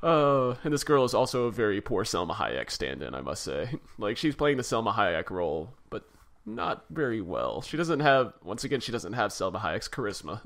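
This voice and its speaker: A man's voice: on the low side, sing-song, normal speed, vocal fry, a bit bright. A man co-hosting a podcast, chatting casually about a film, laughing often and sounding critical and exasperated. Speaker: podcast co-host. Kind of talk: casual film review chat.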